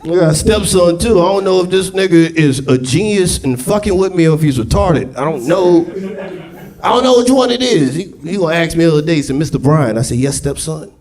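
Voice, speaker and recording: A young man works a comedy club stage, his voice jumping around wildly as he tells crude stories. He talks loud and excitably into a handheld mic. A big live crowd laughs loudly behind him. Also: sits high, quick pace. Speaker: stand-up comedian. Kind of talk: stand-up comedy set. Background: audience laughing.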